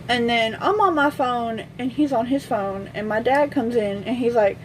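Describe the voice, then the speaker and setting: A woman's voice: fairly high pitch, moderate pace, slight background noise, low-quality recording. A young woman vlogger telling a casual storytime, blunt and swearing freely as she acts out what everyone said.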